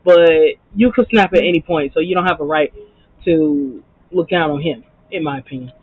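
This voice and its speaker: A woman's voice: low-pitched, normal speed, husky, no echo. A woman reacting to a TV episode, blunt and heated, swearing constantly. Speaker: TV show reactor. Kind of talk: profane casual reaction commentary. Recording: muffled lo-fi mic.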